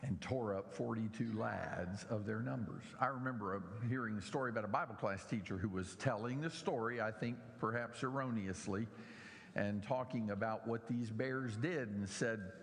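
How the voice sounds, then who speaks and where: A man's voice: lowish voice, normal speed, gravelly, big-room sound. A middle-aged man preaching a sermon in a church, animatedly mocking the scoffers in his story.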